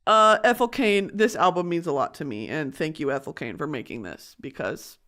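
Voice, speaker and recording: A woman's voice: low voice, expressive, normal speed, fairly bright tone. A woman hosting a podcast, talking in an earnest, emotional personal monologue. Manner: emotional, earnest, tearful at times. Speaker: podcast host.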